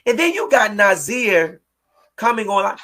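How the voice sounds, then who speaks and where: A woman hosting a livestream, talking in a fiery preaching way, repeating phrases and shouting in outrage. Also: medium pitch, big pitch swings, unhurried. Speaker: livestream host. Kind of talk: impassioned livestream talk.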